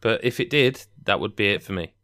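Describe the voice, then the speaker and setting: A man's voice: on the low side, animated, brisk, fairly bright tone, no room sound, clean studio sound. A young English man co-hosting a podcast, chatting casually and rambling with jokey asides. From England. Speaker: podcast co-host.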